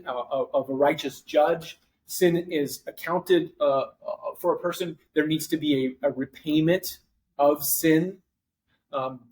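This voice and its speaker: A man teaching a Bible class in an easygoing lecture voice. His pitch sits in an ordinary middle range, and he talks off the cuff. Thoughts come out in loose chunks, with fillers and restarts along the way. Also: rough recording.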